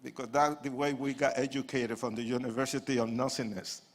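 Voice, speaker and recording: An evangelist shares his life story as a testimony sermon before an audience, swinging animatedly between hushed asides and loud outbursts. His pitch is medium and his pace fairly quick.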